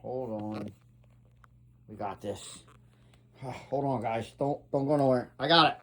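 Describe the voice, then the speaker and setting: A man filming a casual unboxing vlog after a night of drinking, rambling between loud exclamations and low muttering. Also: takes it slowly. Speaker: vlogger.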